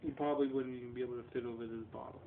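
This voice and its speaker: A man's voice: medium pitch, fairly even intonation, racing, gravelly. Man in his thirties, profane rambling vlog rant, phone-thin sound, faint hiss. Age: 30s. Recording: tinny lo-fi webcam audio with faint noise.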